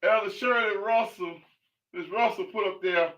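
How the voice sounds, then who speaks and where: Bright-voiced man affirming from a distant mic. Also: sits high, normal speed. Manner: interjects short affirmations, echoes the speaker. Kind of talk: talk show discussion, call-and-response affirmations. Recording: distant mic, dull lo-fi sound.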